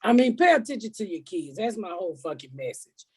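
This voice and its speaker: An older woman hosting a comedy podcast, loud and profane as she vents in heated, casual storytelling. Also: medium pitch, very animated, a little fast, slightly rough. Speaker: host.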